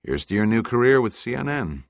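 A man's voice: mid-range voice, sing-song, fairly quick, creaky, no echo. A man voicing an easygoing, wry male adventurer in an audiobook, with a dry, understated delivery. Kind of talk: audiobook dialogue reading.

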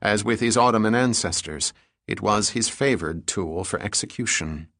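A man narrating a thriller audiobook in a steady, even reading. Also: lowish voice, normal speed, dry recording, studio quality.

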